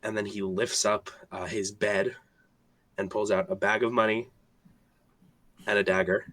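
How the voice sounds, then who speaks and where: A man playing in a tabletop game, describing his character's actions in a relaxed, amused, rambling way. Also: on the low side, unhurried. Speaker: player.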